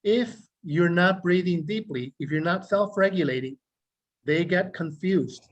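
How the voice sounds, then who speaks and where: A man, a clinical psychologist, explaining self-regulation to a group in a measured way, listing words slowly and asking questions. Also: high-pitched, dull audio. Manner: measured, repeats key words in slow lists; speaks directly to listeners, asks rhetorical questions. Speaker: clinical psychologist teaching a meditation class.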